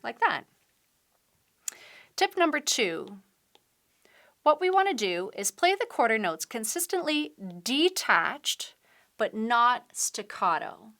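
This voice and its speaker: A woman's voice: fairly high pitch, very animated, slow, pauses often, pushed and bright. A woman piano teacher giving a patient, step-by-step tutorial, explaining techniques while she demonstrates at the keyboard. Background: piano playing.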